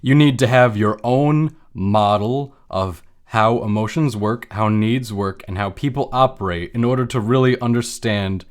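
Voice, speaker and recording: A man's voice: lowish voice, measured pace, hardly any pauses. Man explaining with everyday examples. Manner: conversational, uses made-up everyday examples. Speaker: lecturer on emotions. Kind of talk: casual explanatory talk.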